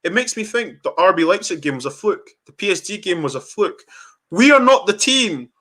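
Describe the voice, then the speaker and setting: A young man with a high voice, speaking at a moderate pace, hosts a football fan reaction show. In a heated chat he rants angrily, swearing and staying animated throughout.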